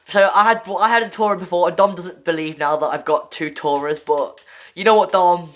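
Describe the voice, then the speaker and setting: A man giving excitable gaming commentary while chatting with a friend, stammering and repeating himself. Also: high voice, a little fast. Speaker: gamer opening loot crates.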